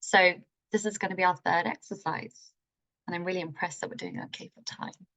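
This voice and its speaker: A woman's voice: on the low side, fairly even intonation, fairly quick, gravelly, a bit bright. Enthusiastic woman teaching a workshop. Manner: enthusiastic, informal, playful phrasing. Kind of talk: live online masterclass teaching.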